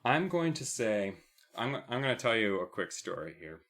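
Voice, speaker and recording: Bright-voiced male podcast co-host. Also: medium pitch, big pitch swings, normal speed. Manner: rambling storyteller with many fillers. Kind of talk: casual chat.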